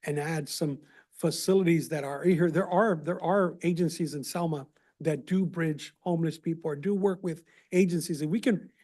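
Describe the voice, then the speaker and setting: A councilman with a fairly high but mellow voice and a Californian accent speaks at a city meeting. He talks haltingly, repeating words as he gropes for what to say next. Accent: Californian English. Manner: halting, repeats words while searching for them.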